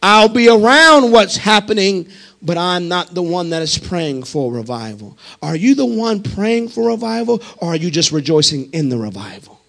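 A man preaching a sermon as pastor, impassioned and building to shouts. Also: high voice, sing-song, normal speed, vocal fry.

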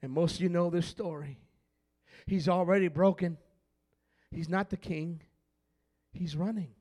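A male pastor preaching a sermon, filling his pauses with "uh" and swinging from hushed tones to shouting. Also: high voice, fairly even intonation.

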